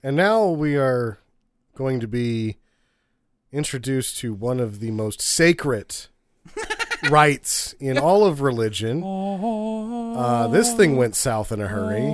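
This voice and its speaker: A man's voice: medium pitch, very animated, slow, long pauses. A man co-hosting a podcast, recapping a bad film in a wry, dry way with crude asides. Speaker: podcast co-host. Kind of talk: casual movie-riffing chat.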